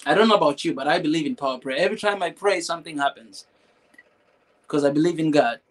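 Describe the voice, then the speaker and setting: A man with a fairly high voice hosts a live stream. He talks emotionally and preaches at times, repeats phrases and keeps asking his viewers rhetorical questions. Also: quick pace, poor audio.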